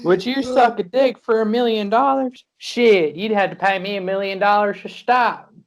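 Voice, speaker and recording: A man's voice: sits high, normal speed. A man in casual podcast chat, joking crudely with his friends.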